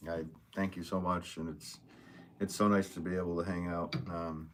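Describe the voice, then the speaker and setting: A man's voice: low voice, flat delivery, normal speed, a little hiss or hum. A man hosting a casual live stream as a potter, chatting and joking as he answers viewer comments with a laugh.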